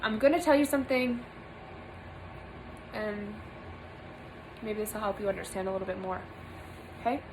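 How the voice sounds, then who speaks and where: A woman's voice: mid-range voice, moderate pace, pauses often, noisy background. A young woman giving an earnest spiritual monologue to camera from a small room, emphatic and repeating phrases for stress. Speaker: spiritual vlogger.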